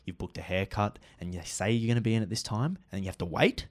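Young man, Australian accent, lowish voice, podcast co-host, emphatic, ranting. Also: fast. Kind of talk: casual chat.

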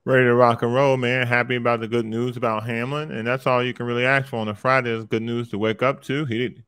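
A man co-hosting a sports talk show in a relaxed, easygoing way, often ending with "man". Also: mid-range voice, fast, clear, resonant tone, no echo, studio quality. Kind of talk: casual sports radio chat.

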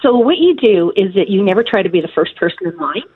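A woman's voice: mid-range voice, expressive, quick pace, breathy edge. A woman in her fifties from New Brunswick with a Maritime Canadian accent, calling in and chatting about a travel trick. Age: 50s. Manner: chatty storyteller, acts out little dialogues. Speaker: caller. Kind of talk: phone-in chat. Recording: phone line.

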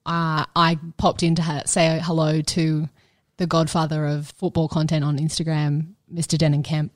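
Brief: upbeat woman host, lowish voice, dry studio mic. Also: little pitch movement, moderate pace, no echo. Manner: chatty and upbeat, with restarts. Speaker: podcast host. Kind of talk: casual chat.

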